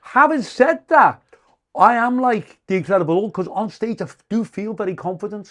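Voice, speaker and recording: An older British man, a comedian, telling profane, animated stories in casual podcast talk. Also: sits high, normal speed. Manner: profane, animated anecdotes, acts out quoted insults loudly. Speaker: comedian guest.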